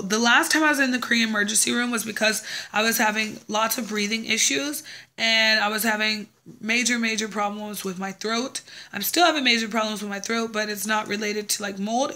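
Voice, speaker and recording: A woman's voice: a little high, sharp tone. A young woman from Texas telling a personal story in a casual vlog, chatty, with many fillers and restarts. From Texas, USA. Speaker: vlogger living abroad.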